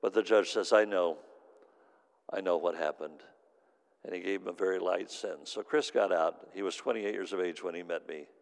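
A man's voice: low-pitched, steady tone, quick pace, vocal fry, few pauses. A man ministering to a gathering, telling a story in an earnest sermon with repeated, emphatic phrases. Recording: long hall reverb.

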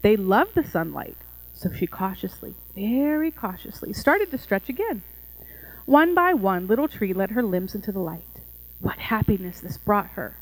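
A woman narrating a first-person allegorical story in a gentle, tender, measured way. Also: medium pitch, big pitch swings, low-quality recording.

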